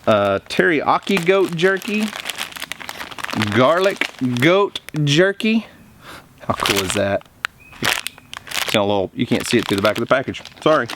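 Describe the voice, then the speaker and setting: A man's voice: mid-range voice, slight background noise. A man hosting a homestead vlog in a greenhouse, chatting eagerly and talking with food in his mouth. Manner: excited, chatty, eating while talking. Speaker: homesteading channel host. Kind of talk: casual vlog talk to camera.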